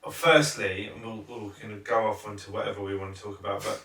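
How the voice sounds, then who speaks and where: A man co-hosting a podcast, asking probing questions in casual chat with halting restarts. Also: on the low side, flat delivery, a bit bright, far from the mic. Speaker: podcast co-host. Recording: roomy, off-mic sound.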